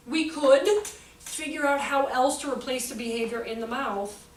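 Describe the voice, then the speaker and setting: A woman in her forties giving a jokey, animated talk to an audience about children's behavior and acting out the quotes. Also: sits high, normal speed. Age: 40s. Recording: echoey hall, voice from far off, faint noise.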